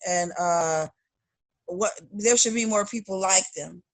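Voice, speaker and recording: A woman's voice: mid-range voice, slow pace, no room sound. A middle-aged woman from Chicago, a singer chatting as an interview guest and acting out her family's lines with animation. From Chicago, United States. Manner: animated, acts out quoted voices of family. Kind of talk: casual interview chat.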